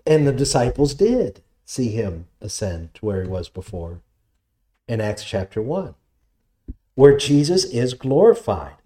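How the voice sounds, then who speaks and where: A man's voice: medium pitch, sing-song, unhurried, mellow. A man preaching a sermon, reading scripture aloud and explaining it in an earnest, emphatic way.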